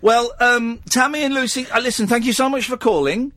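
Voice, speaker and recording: A man's voice: extremely high pitch, fairly quick, sharp tone, no echo. A man with an English accent hosting a late-night radio phone-in, rambling and teasing with lots of stammered restarts. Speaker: radio host. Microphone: studio microphone.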